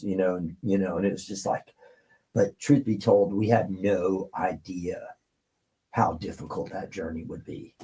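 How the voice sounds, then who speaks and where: Husky-voiced man telling an emotional story. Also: lowish voice, warm tone, rough recording. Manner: rambling, filler-heavy, emotional. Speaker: guest.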